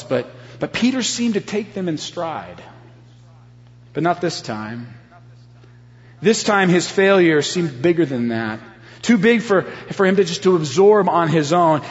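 A man retelling a Bible story as a devotional sermon, earnest and speaking straight to his listeners. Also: sits high. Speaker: preacher. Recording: long reverb, dull sound.

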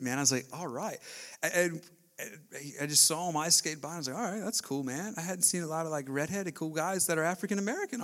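A man in his thirties preaches to his congregation, his voice sitting a little high. He tells stories with a lively, casual energy and drops in slang as he goes. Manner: animated storytelling, casual slang. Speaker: pastor. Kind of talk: sermon.

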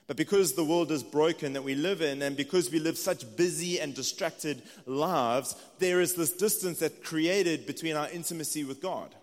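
A man's voice: fairly high pitch, normal speed, hardly any pauses. A man in his thirties with a South African accent, preaching a sermon in a conversational, earnest way. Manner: conversational, earnest, with restarts and asides. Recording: long reverb of a large hall.

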